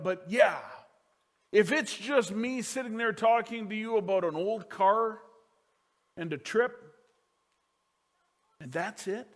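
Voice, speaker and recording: A man who is a pastor, preaching a sermon that moves from loud emphasis down to hushed, quiet lines as he tells a family story. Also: sits high.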